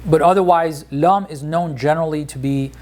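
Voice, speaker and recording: A man teaching a relaxed lesson on Quranic Arabic grammar, explaining word by word with frequent pauses and restarts. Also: fairly high pitch. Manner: explanatory, hesitant, many fillers and restarts.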